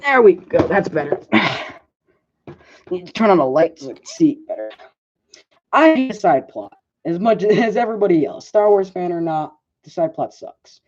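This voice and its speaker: On a dull, lo-fi recording, a male film reviewer talks casually about a movie, rambling, filling gaps with "like," and often backtracking to correct himself. His voice sits high, with a sing-song quality and a moderate pace.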